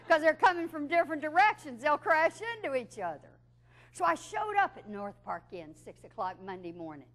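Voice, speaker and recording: A woman spins a comic story in a bright, high voice. She talks in a lively, chatty way and laughs through her tale. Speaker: speaker telling a story.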